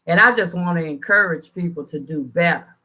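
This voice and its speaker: A woman chatting live with her viewers in a casual, slangy way. Her voice is bright and forceful, and she talks with earnest, preachy conviction, hammering points home by saying them again. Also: on the low side, brisk. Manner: earnest and preachy, repeats phrases for emphasis; colloquial, slangy talk. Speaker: livestream host answering viewers. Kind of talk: casual live chat, motivational testimony.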